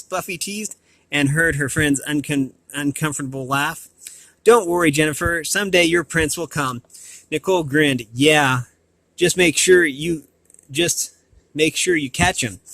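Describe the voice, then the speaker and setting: A man's voice: fairly bright tone, no echo. Man reading a novel, stumbling often. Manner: stumbles and restarts on words, adds asides; raises pitch for quoted dialogue. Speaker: reader.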